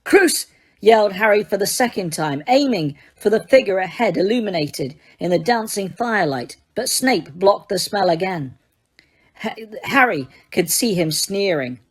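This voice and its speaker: A woman's voice: medium pitch, lively intonation, moderate pace, few pauses, husky. Woman narrating an audiobook. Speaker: audiobook reader.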